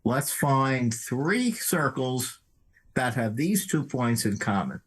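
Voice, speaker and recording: A man's voice: mid-range voice, sing-song, slow, slightly rough. A man working through a geometry problem as a math tutor, talking in a hesitant, methodical way.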